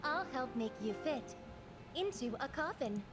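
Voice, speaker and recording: A woman's voice: high-pitched, expressive, unhurried, husky, full character voice. An actress voicing a menacing woman who makes mock-cheerful jokes about someone's death. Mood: mock-cheerful menace. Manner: teasing, mock-cheerful threats. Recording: played clip with music behind.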